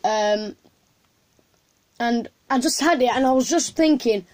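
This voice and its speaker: Woman, fairly high voice, chatty vlog storytelling, rambling, lots of ums. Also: unhurried, darkish tone. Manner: rambling, many fillers and restarts. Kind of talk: casual storytelling to camera.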